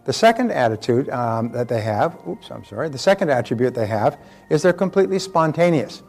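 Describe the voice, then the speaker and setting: A man's voice: medium pitch, big pitch swings, brisk, vocal fry, darkish tone. An older man giving a motivational talk in a conversational way, telling stories and repeating words as he goes. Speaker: motivational speaker.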